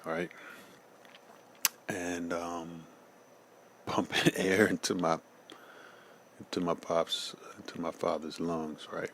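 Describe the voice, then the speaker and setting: A man's voice: low-pitched, takes it slowly, creaky, long pauses, fairly bright tone, slight background noise. A man giving a casual personal testimony, slangy and loose, often saying "man" and "you know.".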